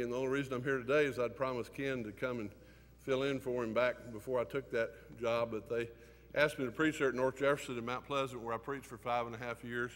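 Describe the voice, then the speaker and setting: An older man, teaching a Sunday class in an earnest, emotional way, with many pauses and fillers. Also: mid-range voice, fairly bright tone. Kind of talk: sermon. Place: church classroom. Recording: hall reverb.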